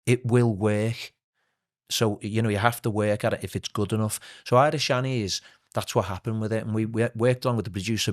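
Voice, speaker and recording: A man, a singer and playwright, telling animated stories as a guest in a casual interview. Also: medium pitch. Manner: animated, anecdotal storyteller.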